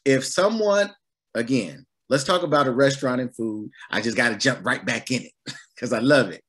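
A male preacher gives a sermon in a loose, conversational style. He tells everyday stories and acts out lively voices with plenty of humor. His voice sits at a middle pitch. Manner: animated and conversational, acting out lively quoted voices.

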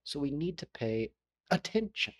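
A man's voice: fairly high pitch, big pitch swings, normal speed, a bit bright. An American man teaching English pronunciation in a casual video lesson, repeating sounds to model them.

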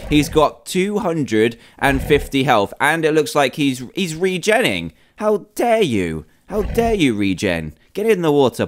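A young man commentates a game in quick, animated bursts. He jumps from loud, high exclamations to quieter asides, joking his way through the action. His voice sits in a middle pitch. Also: a little hiss or hum. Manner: animated, jokey, swings between shouting and muttering. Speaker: gaming YouTuber. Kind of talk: excitable Minecraft mod commentary.

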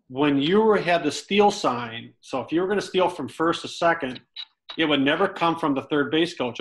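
This low-quality recording catches a middle-aged man with a slightly high voice recounting baseball tales casually for an interview. He's an animated storyteller, acting out each quote and swearing as he does.

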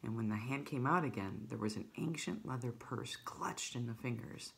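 A woman's voice: extremely low pitch, normal speed, vocal fry. A woman teacher reading a children's novel aloud to her students, talking casually with many fillers.

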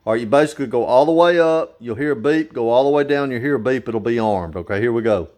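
A man's voice: mid-range voice, quick pace, a little mellow, a little hiss or hum. An older man giving a casual, folksy how-to demonstration at home, plain-spoken and walking through each step. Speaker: hobbyist demonstrating a model plane.

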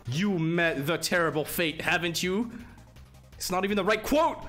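A man's voice: sits high, pushed and bright. A young man streaming live, flustered and swearing as he reads game text aloud. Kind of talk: live gameplay commentary.

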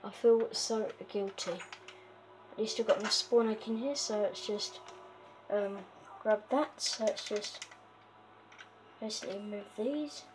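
A woman's voice: mid-range voice, slow, pauses often, noisy background. A woman hosting a casual game walkthrough, chatty and giggly, with lots of fillers and a habit of talking to her pet. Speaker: gaming video host.

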